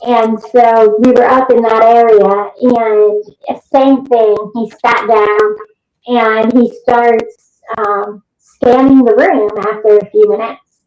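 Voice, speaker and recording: A woman telling a story as an interview guest, lively and vivid. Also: fairly high pitch, takes it slowly. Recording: roomy, muffled remote recording.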